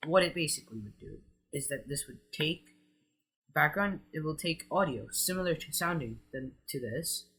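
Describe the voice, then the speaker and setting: Bright-voiced man explaining software steps. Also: fairly high pitch. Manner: explains step by step with frequent "so". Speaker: tutorial host. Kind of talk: screen-recorded software tutorial.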